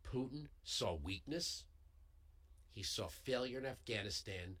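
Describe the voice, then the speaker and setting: A male talk show host delivering a heated political commentary monologue into a studio microphone, emphatic and building to yells. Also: mid-range voice, expressive, measured pace. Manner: heated, emphatic, swings into yelling. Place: radio studio. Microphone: studio broadcast microphone.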